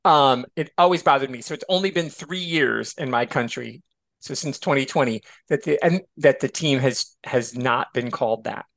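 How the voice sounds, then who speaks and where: Animated American podcast co-host. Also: male voice, medium pitch, normal speed, gravelly. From United States. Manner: animated, digressive. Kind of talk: casual chat.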